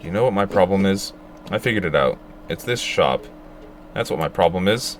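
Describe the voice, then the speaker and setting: A man's voice: deep voice, expressive, moderate pace, a little hiss or hum. A man voicing a teenage girl gang boss who rants dramatically about becoming a ruthless villain. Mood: indignant ranting. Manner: dramatic, indignant ranting.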